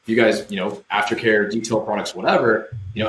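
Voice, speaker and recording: Low-voiced man in an echoey room. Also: fast, a little hiss or hum. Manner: energetic, acts out customer quotes. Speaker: podcast guest, marketing company representative. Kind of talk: casual podcast conversation.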